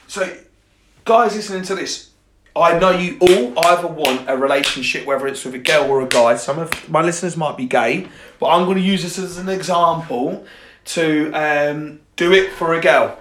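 Sweary podcast coach, echoey room. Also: male voice, on the high side, fairly bright tone, slight background noise. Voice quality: blunt and sweary, slangy. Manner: jokey, laughs at his own lines. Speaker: fitness and confidence coach. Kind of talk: casual podcast monologue.

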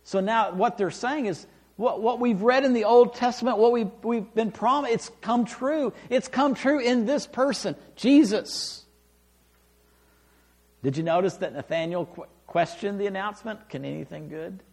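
A man preaching a sermon, reading scripture aloud and explaining it with emphatic, animated delivery. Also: high voice, normal speed. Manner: animated, rising and falling for emphasis, acts out quoted lines.

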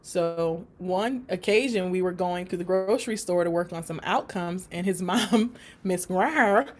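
A woman guest telling a story about her work in an interview, animated and laughing often. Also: lowish voice, unhurried. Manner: animated, laughs often, acts out quoted voices. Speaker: support worker for people with autism.

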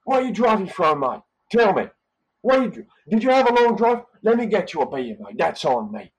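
A man's voice: high-pitched, big pitch swings, a little fast, voice pushed up, rough recording. A man voicing a friendly, laid-back male hotel host greeting a guest in a breezy, chummy way.

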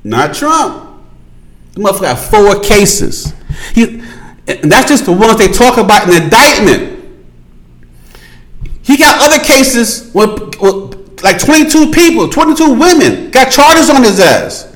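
A male podcast host with a high-pitched voice that swings widely up and down as he drives his points home. He rants in a casual, profane monologue, addresses his listeners directly with slang, and hammers his claims through repetition. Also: very animated, measured pace, fairly bright tone, poor audio. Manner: emphatic, profane, repeats points for emphasis.

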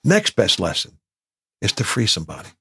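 His pitch swoops wildly over a lowish base, and his delivery is fairly quick, bright, forceful and husky, captured in studio quality with no echo. A New Jersey man in his sixties, he's a podcast guest acting out others' words while telling candid, emotional personal stories.

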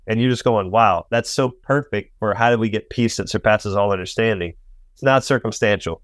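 An earnest man with a low-pitched voice tells stories in an interview, jumping up in pitch whenever he quotes someone. The close mic keeps the sound dry, with no room around him. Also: fairly quick, no room sound. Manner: earnest storyteller, acts out quotes with rising pitch. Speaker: professional golf caddie, guest. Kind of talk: faith-based interview talk.

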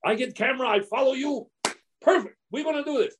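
A man voicing a big, bearded, excitable Argentine cameraman who speaks broken English with an Argentine Spanish accent. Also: very high voice, a little fast, a little hiss or hum, voice pushed up. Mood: eager.

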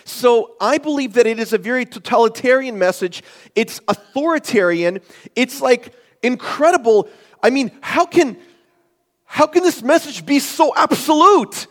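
A male pastor preaching a sermon in a church, emphatic and full of rhetorical questions, swinging from loud to hushed. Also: extremely high pitch, lively intonation, unhurried. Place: church sanctuary. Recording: long hall reverb.

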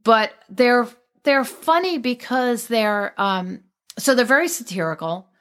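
A woman's voice: a little high, lively intonation, measured pace. A woman speaking as a guest in a casual conversation about a poet, chatty and digressive, often restarting her sentences.

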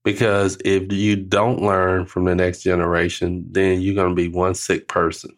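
Low-voiced older man, lively storyteller. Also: normal speed. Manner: animated storyteller, acts out quotes with laughs; uses casual slang like finna and ain't. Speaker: podcast co-host. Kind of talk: casual chat.

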